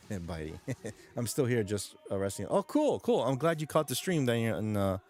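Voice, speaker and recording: A man chats loosely with viewers on his late-night stream, rambling, swearing often, and restarting sentences, and says he came from New York. His mid-range, darkish voice moves briskly with big pitch swings.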